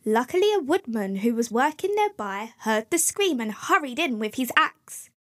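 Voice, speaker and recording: A woman reading a children's fairy tale aloud as storyteller, gentle and clear. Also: fairly high pitch, very animated, moderate pace.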